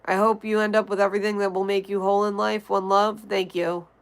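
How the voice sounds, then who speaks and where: A woman's voice: mid-range voice, level tone, fast talker, clean tone, low-quality recording. A young woman from Connecticut hosting a casual livestream, chatting and greeting viewers by name as she reads the chat. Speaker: livestream host.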